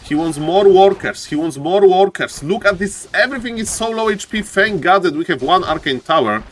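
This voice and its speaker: Excitable male game caster, higher voice. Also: moderate pace, a little hiss or hum. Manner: excitable, repeats phrases, often says "ladies and gentlemen". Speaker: esports caster. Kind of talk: live game commentary.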